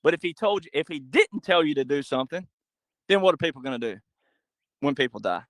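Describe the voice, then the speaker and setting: A man speaking as a podcast guest in an animated monologue, emphatic and full of rhetorical questions. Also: on the high side, a little fast, no echo, rough recording. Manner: acts out quoted voices.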